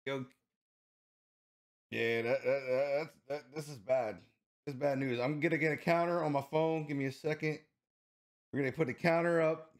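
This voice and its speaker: A man vlogging a spicy food challenge, excitable and swearing, groaning and coughing as the heat hits him. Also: fairly high pitch, normal speed, long pauses. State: in pain from heat, teary. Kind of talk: casual food challenge vlog.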